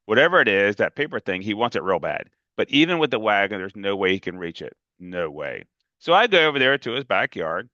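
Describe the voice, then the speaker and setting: A man's voice: lowish voice, sharp tone, dry recording, highs cut off. A man reading a novel aloud in a casual, emphatic first-person storytelling manner. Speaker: reader.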